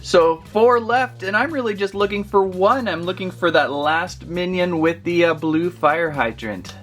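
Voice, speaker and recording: A man's voice: high-pitched, measured pace, a bit bright, faint music behind. A man chatting his way through a casual toy unboxing review, rambling and easily amused.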